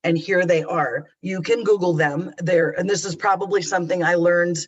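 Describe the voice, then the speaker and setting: Man, middle-aged, high-pitched, conversational trainer, candid, slightly muffled audio. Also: steady tone, moderate pace, breathy edge. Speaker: customer service trainer. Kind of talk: webinar presentation.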